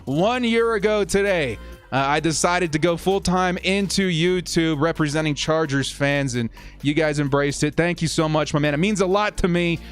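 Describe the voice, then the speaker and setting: A young man hosting a live fan stream, talking in an upbeat, chatty way as he thanks supporters and reads their comments. His voice sits a little high for a man. Soft music plays faintly underneath. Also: moderate pace, clean tone.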